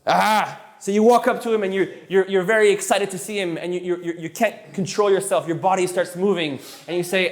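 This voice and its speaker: A man's voice: high-pitched, fairly even intonation, fairly quick, few pauses. A man teaching Spanish to a live class in a playful, joking way, drilling words over and over and stumbling on restarts.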